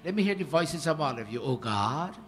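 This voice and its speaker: Lively, high-voiced male teacher. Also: a little fast. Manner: animated, earnest, with swells of emphasis. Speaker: teacher of a scripture workshop. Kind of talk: devotional teaching talk.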